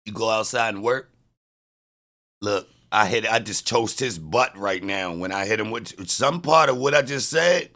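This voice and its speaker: A man's voice: lowish voice, a little slow, pushed and bright. A man rants on a casual livestream. He trash-talks and mocks the viewers in his chat.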